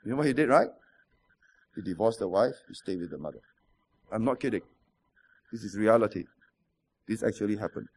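A man's voice: lowish voice, animated, fairly quick, pauses often, a little mellow, husky. A man, preaching a sermon with stories, rhetorical questions and emphatic repetition. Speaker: pastor.

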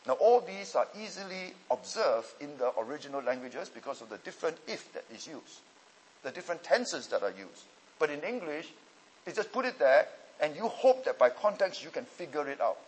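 A man teaching a class on Bible languages and preaching, emphatic and deliberate, often checking in with his listeners. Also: on the high side, very animated, husky, low-quality recording.

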